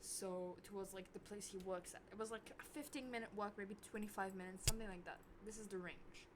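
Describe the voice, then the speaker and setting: A young woman vlogger telling a story casually to camera, swearing often and getting loud when worked up. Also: fairly quick, noisy background. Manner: animated, swears a lot, voice jumps high when worked up.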